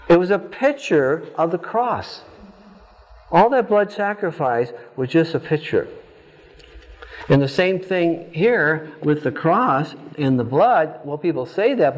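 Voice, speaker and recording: A man's voice: fairly high pitch, muffled recording. A man teaching a Bible study class, firing pointed questions at his students and answering them himself.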